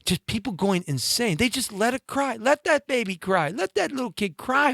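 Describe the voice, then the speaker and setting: A talk-show host man delivers a comic rant, his voice swooping up and down in mockery. He sounds high and bright, with a sharp edge. The recording is close and dry. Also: moderate pace, creaky, few pauses, dry recording. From mixed Latin and Scottish-Irish heritage. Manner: animated, ranting, mocking with sudden pitch jumps. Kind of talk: comedic monologue rant.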